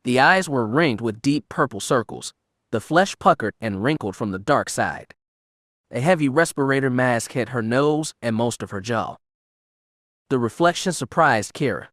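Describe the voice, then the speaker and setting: A man narrating an unabridged audiobook in a steady, measured storytelling manner. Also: medium pitch, no room sound, studio quality.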